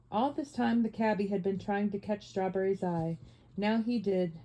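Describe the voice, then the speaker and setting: A woman narrating a classic children's story aloud in a steady storybook reading. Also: mid-range voice, moderate pace, rough recording. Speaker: audiobook narrator. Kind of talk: scripted narration.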